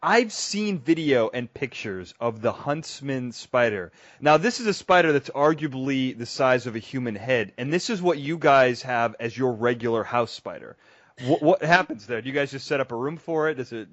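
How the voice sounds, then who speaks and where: A man's voice: mid-range voice, moderate pace, no echo, highs cut off. A young man hosting a podcast interview, playful and jokey. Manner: playful, jokey, lively with bursts of laughter. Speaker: podcast host.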